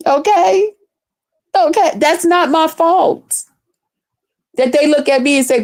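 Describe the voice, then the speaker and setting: High-voiced woman, slow confrontational rant. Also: darkish tone. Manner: confrontational, profane, repetitive. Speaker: streamer. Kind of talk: angry rant.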